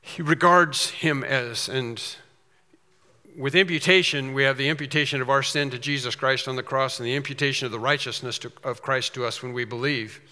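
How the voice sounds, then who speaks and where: A man's voice: mid-range voice, fairly even intonation, moderate pace, pushed and bright. Emphatic preacher man in a reverberant hall. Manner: emphatic, repeats phrases for stress. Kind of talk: expository sermon.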